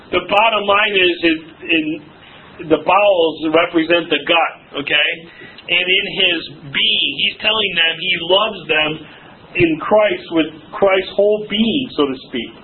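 A man's voice: sits high, a little slow. Man preaching over a tinny line. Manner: conversational preaching with asides and laughs. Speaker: pastor. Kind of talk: sermon. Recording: tinny phone-like sound.

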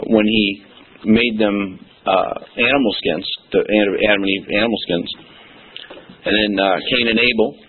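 A man's voice: on the low side, a little hiss or hum. Folksy male pastor, emphatic, lo-fi phone-quality church recording. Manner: emphatic, folksy preaching with repeated "okay?". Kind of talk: sermon.

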